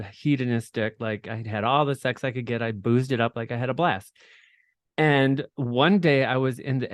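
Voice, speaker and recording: A man's voice: medium pitch, no room sound, studio quality. Candid, laughing man telling his story. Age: middle-aged. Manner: animated, swearing freely, laughs often. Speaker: interview guest.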